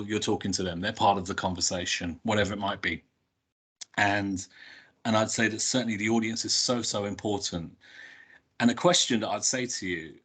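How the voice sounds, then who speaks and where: A man's voice: lowish voice, a bit bright. A man giving a webinar talk as a public speaking coach, earnest and repetitive with frequent restarts. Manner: earnest, repeats words and restarts.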